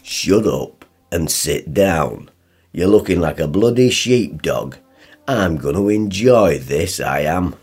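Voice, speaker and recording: A man's voice: sits low, animated, slow, a little mellow, breathy edge, exaggerated voice. An actor playing a blunt, sarcastic working-class father with a northern English accent, grumbling and teasing his son in a radio play. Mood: gruff.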